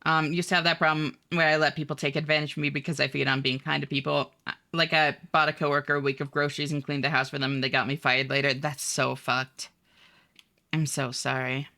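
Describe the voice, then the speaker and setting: A woman streamer talks casually to her chat in a low voice with a bright, forceful edge. She reads messages aloud and answers them loosely, with plenty of fillers. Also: level tone, a little fast.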